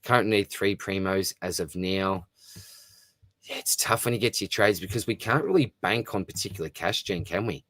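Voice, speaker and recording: At a moderate pace, a fantasy football streamer with a low, fairly bright voice chats casually through viewer comments. "Mate" comes up often as he addresses everyone, and the studio-quality audio has no room sound.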